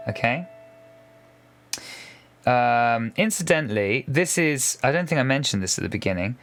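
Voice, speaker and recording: Male piano tutor, patient and chatty, counting beats aloud over loud piano. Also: medium pitch, very animated, normal speed, long pauses. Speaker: piano teacher. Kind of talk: casual step-by-step piano lesson. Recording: piano music loud under voice. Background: piano playing.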